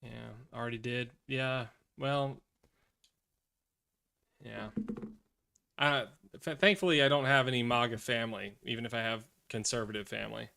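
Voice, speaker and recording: A man's voice: mid-range voice, fairly even intonation, moderate pace, creaky, pauses often, bright, forceful tone, clean tone. A man with children, streaming live and reacting to political news, swearing freely and swinging from angry rants to tired mutters. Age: adult, has children. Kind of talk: casual live commentary.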